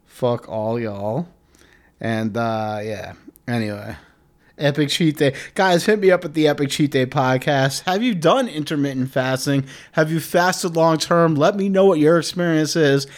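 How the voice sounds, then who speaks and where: A man hosting his own comedy podcast, talking in a loose, profane ramble. His voice sits a bit high for a man. He keeps leaning toward and away from the microphone, so his level rises and falls. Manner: moves closer to and away from the mic. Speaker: podcast host. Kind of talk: solo comedy podcast rant.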